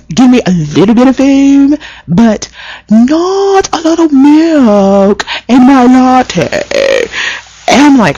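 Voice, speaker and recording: A hoarse woman, telling a story about work in a casual, profane, exasperated rant. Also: deep voice, no echo. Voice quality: scratchy. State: hoarse from spicy food. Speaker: vlogger. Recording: dull lo-fi webcam sound.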